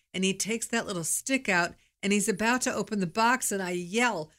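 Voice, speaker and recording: A woman's voice: medium pitch, normal speed, hardly any pauses, a bit bright. A middle-aged woman hosting her own podcast, talking candidly in a chatty, storytelling monologue. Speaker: podcast host. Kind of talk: casual monologue.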